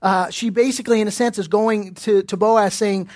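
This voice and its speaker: His voice is high and a little mellow, with fairly even intonation, a moderate pace, and hardly any pauses as he preaches a sermon as pastor. Earnest and direct, he asks pointed questions and often restarts, repeating himself while searching for words.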